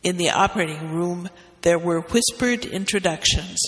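A man reading a story aloud as narrator, with steady, expressive narration. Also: sits high, moderate pace, big-room sound.

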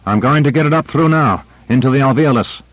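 A man's voice: mid-range voice, brisk, no echo, pitched above the performer's own voice, natural voice. A determined male agent talking in short, effortful phrases, as a male narrator puts him on. The voice is close to the reader's own, only slightly raised. The recording is dry and a touch dull. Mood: straining. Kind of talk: audiobook character reading.

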